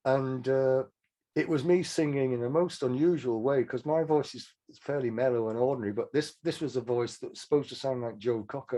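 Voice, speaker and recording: A man's voice: medium pitch, fairly quick, dark tone. An older man, a songwriter telling rambling, self-deprecating stories as an interview guest. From England. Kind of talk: casual interview chat.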